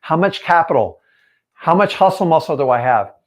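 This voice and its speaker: A man's voice: fairly high pitch, lively intonation, normal speed. A man coaching his viewers on a live stream, talking straight at them in an emphatic, direct way. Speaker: real estate coach.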